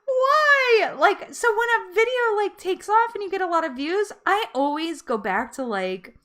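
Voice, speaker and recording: A woman's voice: very high-pitched, animated, normal speed. A woman hosting a casual live-stream chat with viewers, chatty and rambling, often laughing at herself.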